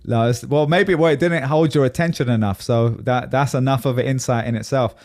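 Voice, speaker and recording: A man's voice: medium pitch, fairly even intonation, brisk, a little mellow. A man co-hosting a podcast in casual chat, talking at length and laughing easily. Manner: chatty and rambling, laughs easily. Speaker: podcast co-host.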